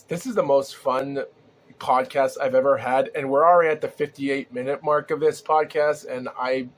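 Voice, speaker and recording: A man hosting a rambling solo podcast, talking excitably with lots of fillers and restarts, his throat sore and groggy and his breath short. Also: mid-range voice, moderate pace, a little hiss or hum. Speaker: podcast host. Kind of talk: solo casual podcast commentary.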